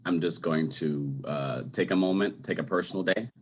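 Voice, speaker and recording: Laid-back man with a deep husky voice. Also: normal speed. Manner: laid-back, short answers. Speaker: networking group member. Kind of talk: practice call role-play.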